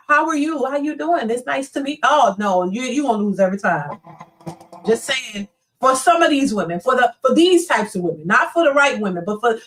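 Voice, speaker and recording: A fairly high, a bit bright-voiced woman hosts a live stream, reading viewer chat aloud in a blunt, highly animated way. She slips into quick imitations of other people. Sitting a little back from the microphone, she sounds somewhat distant.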